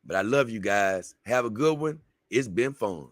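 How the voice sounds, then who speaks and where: Animated and on the low side, a man ends his livestream at a moderate pace, rambling loosely and calling viewers "man" and "baby." The sound is clean studio audio without echo.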